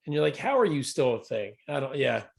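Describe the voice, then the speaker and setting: A man's voice: medium pitch, big pitch swings, brisk, vocal fry. A man, a comedian guest on a comedy podcast, ranting in an exasperated, profane way. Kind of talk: crude comedy podcast banter.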